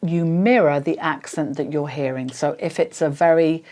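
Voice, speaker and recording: A woman's voice: low voice, normal speed, mellow. A woman with an English RP accent, coaching learners in a patient, explanatory spoken lesson with frequent fillers.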